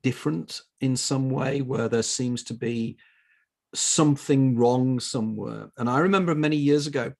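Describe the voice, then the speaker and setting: A man's voice: mid-range voice, moderate pace, vocal fry. A man co-hosting an interview, answering with short reactions and thoughtful remarks. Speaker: co-host, interviewer. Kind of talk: conversational interview.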